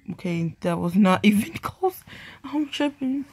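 A woman's voice: medium pitch, normal speed, a little mellow, slightly rough. A young woman vlogging in a playful, rambling casual monologue, with lots of "like" and sing-song bits. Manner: playful, repeats her name in sing-song; heavy use of "like".

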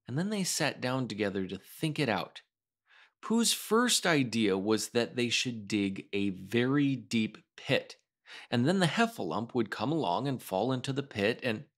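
A man reading a children's storybook aloud as a storyteller. His delivery is expressive and animated, and his voice sits at a middle pitch with a lively, wide-ranging melody. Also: unhurried.

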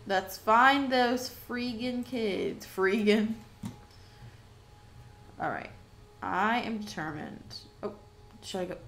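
A woman's voice: fairly high pitch, slow, pauses often, a bit bright, slight background noise. A woman hosting a gaming video, chatting to herself and exclaiming as she plays. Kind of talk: casual let's-play commentary.

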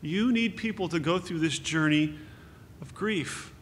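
A man's voice: fairly high pitch, a little slow. A man giving an earnest, consoling memorial sermon as pastor, quoting scripture. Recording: echoey hall with faint hum.

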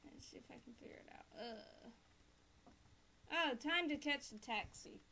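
Excitable woman gaming host. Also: high voice, moderate pace, vocal fry, noisy background. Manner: excitable, gushing fangirl outbursts. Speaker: let's play host. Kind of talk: casual game commentary.

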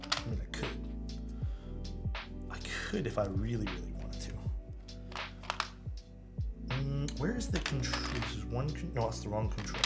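Chatty male streamer, lively pitch. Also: measured pace, long pauses, loud music behind the voice. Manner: chatty, thinks aloud, answers chat. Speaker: streamer building a keyboard. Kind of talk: casual live-stream chat.

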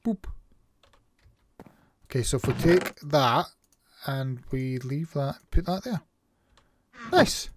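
Scottish male gaming host, casual playful commentary, measured unhurried delivery. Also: mid-range voice, slight background noise. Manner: chatty, playful, makes little sound effects.

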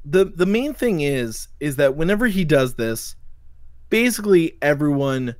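A man's voice: fairly high pitch, very animated, a little slow, no room sound, clean studio sound. A man hosting a livestream talk show, ranting angrily and cursing as he retells an online drama. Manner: profane, ranting, quotes people in mocking voices. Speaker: podcast host. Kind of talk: heated livestream commentary.

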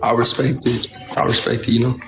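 A man's voice: mid-range voice, monotone, a little fast, a bit bright. A man from Louisiana on a video call, easygoing and agreeable in a casual chat. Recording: echoey room, faint music.

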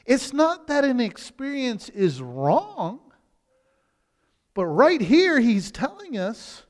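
High-voiced guy preaching, all over the place pitch-wise, lots of restarts, long echo from the church hall. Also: wildly swooping pitch, slow pace. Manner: conversational preaching with frequent restarts, swings from loud to hushed. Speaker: pastor. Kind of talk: sermon. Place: church sanctuary.

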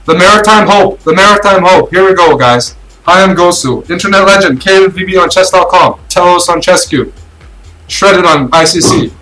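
A man from Canada calls online chess games live with loud, cheering play-by-play and repeated catchphrases. His voice is bright and forceful and sits slightly high. Faint music plays underneath. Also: normal speed, low-quality recording. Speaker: live-stream chess commentator. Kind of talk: excited play-by-play commentary.

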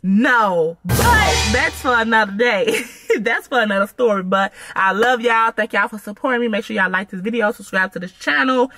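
A woman's voice: fairly high pitch, bright, forceful tone. A young woman chatting casually to her viewers, calling them y'all. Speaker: vlogger. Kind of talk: casual mukbang chat to viewers.

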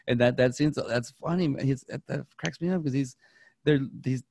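A man co-hosting a movie podcast, chatting casually in a rambling, excitable way with many restarts. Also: mid-range voice, normal speed, creaky, no room sound, studio quality. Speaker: podcast co-host.

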